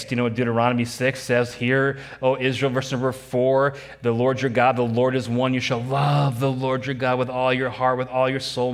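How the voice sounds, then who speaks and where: A man preaching a sermon as a pastor, emphatic and repeating key phrases, putting questions to his congregation. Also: medium pitch.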